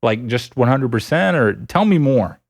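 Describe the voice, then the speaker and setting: A man's voice: mid-range voice, animated, moderate pace. A man streaming a video game live, upbeat and playful as he chats with his viewers. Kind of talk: casual live-stream chat while gaming. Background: game music.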